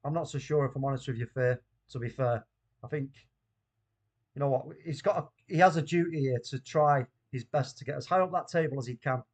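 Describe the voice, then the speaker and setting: A man hosting a live football watchalong stream. He chats with viewers in slang and swings from loud disbelief to low, weary muttering. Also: fairly quick. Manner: chatty, greets viewers by name with slang. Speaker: host of a fan watchalong stream.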